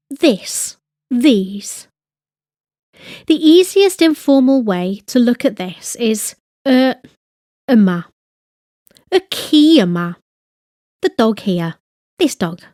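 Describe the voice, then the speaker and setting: Lady teaching grammar real slow, high voice, dry close sound. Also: big pitch swings, darkish tone, no room sound. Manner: clear, deliberate model phrases with translations. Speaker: language teacher. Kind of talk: slow bilingual grammar lesson.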